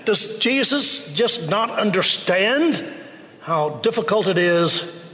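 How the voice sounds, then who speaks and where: A man preaching a sermon, telling the story in a slow, conversational way. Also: high voice, lively intonation, sharp tone, in a large hall.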